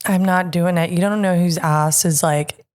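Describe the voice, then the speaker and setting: Female comedic guest, lower voice, blunt and swearing, easygoing chat. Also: fairly even intonation, normal speed, darkish tone. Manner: blunt, profane, laughs easily. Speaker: podcast guest.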